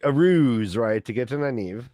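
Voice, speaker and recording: A man's voice: mid-range voice, animated, normal speed, dark tone, no echo, clean studio sound. A man co-hosting a casual book discussion podcast, playful and jokey, telling stories in silly voices. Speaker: podcast co-host.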